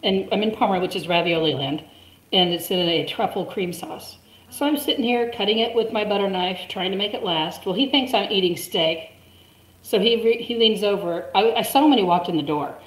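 A woman's voice: medium pitch, fairly quick. A woman in her forties telling a story in casual chat, chatty and laughing often. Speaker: guest. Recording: roomy echo.

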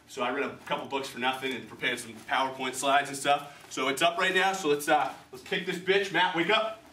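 Fast-talking eager young man. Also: on the high side, sharp tone, echoey room, far from the mic, a little hiss or hum. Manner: quick, eager, self-mocking. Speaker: cadet playing an army instructor in a parody. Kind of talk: comedic role-play.

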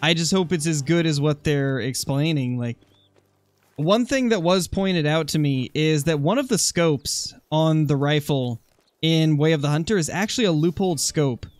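A young man with a slightly high voice chats casually through a hunting game stream. He reads out viewers' comments and answers them in a relaxed, talkative way. Faint music plays underneath. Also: normal speed, no echo. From Oregon, USA. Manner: chatty, answers chat comments while hunting. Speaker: gaming streamer.

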